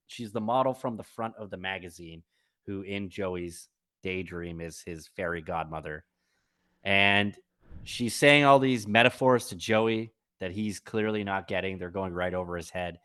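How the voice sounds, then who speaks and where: Bright-toned dry male podcast co-host. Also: on the low side, moderate pace, clear, resonant tone. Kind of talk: casual chat.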